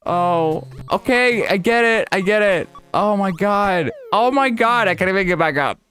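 A man's voice: high-pitched, animated, measured pace, a bit bright, soft background music. A man commentating his own gameplay, often frustrated, swearing and laughing at himself, sometimes pleading with the game. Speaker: gaming channel host. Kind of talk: live let's play commentary.

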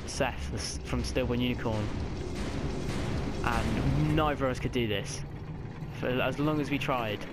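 Man, casual game commentary, mid-pitched, swears a lot, background noise audible. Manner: chatty, swears often, reacts loudly to the game. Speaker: let's play gamer.

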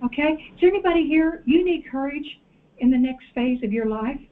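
A woman preacher delivering an animated sermon and calling out to the congregation in a church. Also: high-pitched, a little fast. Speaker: guest preacher. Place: church sanctuary. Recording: tinny phone-like audio.

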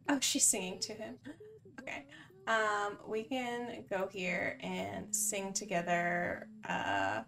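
A woman chatting through a life-sim game as a bubbly channel host, often correcting herself mid-sentence. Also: mid-range voice. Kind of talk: casual game commentary. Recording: voice distant from the mic, faint music.

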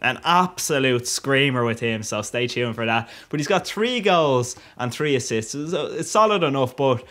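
A gaming YouTuber with a mid-range, pushed, bright voice gives casual, cheeky commentary over a football video game. He talks at a moderate pace with lively intonation and hardly any pauses, cracking crude jokes and laughing often.

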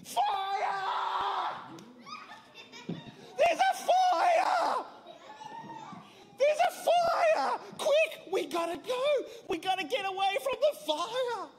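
A woman voicing a panicked male monkey who shouts a warning to the other animals. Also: very high voice, sing-song, unhurried, few pauses, pitched above the performer's own voice, exaggerated voice. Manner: shouting, frantic. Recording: long church hall reverb.

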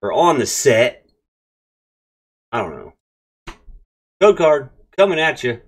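A man hosting a casual card pack-opening vlog, excitable and gushing as he talks straight to his viewers. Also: medium pitch, slow pace. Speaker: card-opening channel host.

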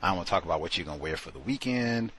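A man with a low, husky voice hosts a talk show in loose, casual commentary. He rambles and stresses his points, circling back to repeat himself, and now and then slips into the voices of the people he quotes. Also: animated, very fast, a bit bright.

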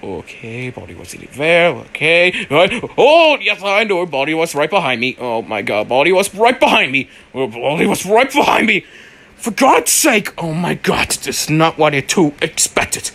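A man's voice: fairly high pitch, sing-song, normal speed, fairly bright tone. A young man giving let's play commentary on a horror game, panicky and pleading, repeating phrases over and over. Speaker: gamer playing a horror game.

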